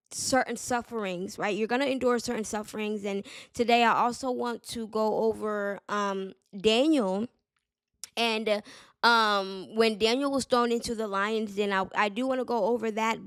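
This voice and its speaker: Female podcast host, higher-pitched, casual faith talk full of fillers and emphatic repeats, dry close recording. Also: no room sound. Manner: conversational, many fillers, repeats key phrases for emphasis. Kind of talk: casual devotional talk with scripture reading.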